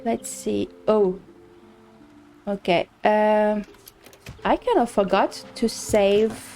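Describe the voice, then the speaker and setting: A woman's voice: medium pitch, fairly even intonation, very slow, dark tone, soft background music. A woman streamer chatting casually while playing a farming game, telling a story with many restarts and repeats.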